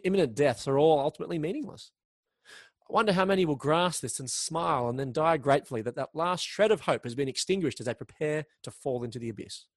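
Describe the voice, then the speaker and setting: A man's voice: mid-range voice, no room sound. Earnest preacher man, dry close sound. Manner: earnest, slows down for emphasis, occasional restarts. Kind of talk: sermon.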